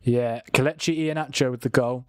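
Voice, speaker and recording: A young man chatting casually on a live football watchalong stream, reacting to the chat, excitable and swearing mildly. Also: mid-range voice, brisk, dry recording, studio quality. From England. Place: home room with windows, rain outside.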